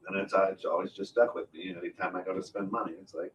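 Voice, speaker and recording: A middle-aged man talking as a guest in a relaxed, expressive way, often quoting his family. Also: deep voice, quick pace, few pauses, slight background noise. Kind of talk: casual talk show chat. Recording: distant muffled mic.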